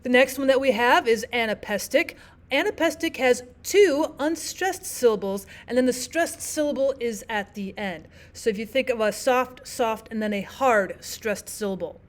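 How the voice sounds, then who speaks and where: A woman teaching a recorded lesson, explaining terms step by step in a clear, methodical way and repeating the key points. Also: fairly high pitch, animated, normal speed.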